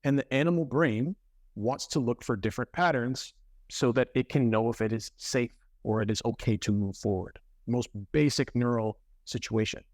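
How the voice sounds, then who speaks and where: A man telling a story as a podcast guest, animated and conversational. He corrects himself on the fly and keeps pushing the story forward. His voice sits in a middle register, recorded close and dry. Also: medium pitch, no room sound. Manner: animated, with quick self-corrections.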